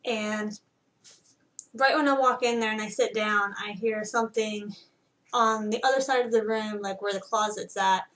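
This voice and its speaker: A young woman tells a story to her camera in a loose, wandering way, stopping and restarting and leaning on filler words. Her voice has a middling pitch and sits a little back from the microphone. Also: steady tone, moderate pace, a bit bright, far from the mic. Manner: rambling, many fillers and restarts. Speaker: vlogger. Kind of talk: casual personal storytelling. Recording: voice a bit off-mic.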